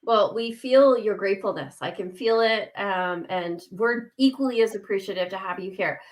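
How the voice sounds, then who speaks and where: A woman hosting a live interview, reading out questions and comments and pausing often with fillers. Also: mid-range voice. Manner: appreciative, with many fillers. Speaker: host.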